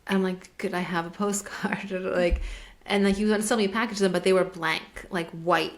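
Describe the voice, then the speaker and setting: Chatty mom telling rambling stories. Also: female voice, on the low side, fairly even intonation, a little fast. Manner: rambling storyteller, acts out dialogue, frequent "like". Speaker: podcast co-host. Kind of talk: casual chat. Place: lives in German-speaking Switzerland.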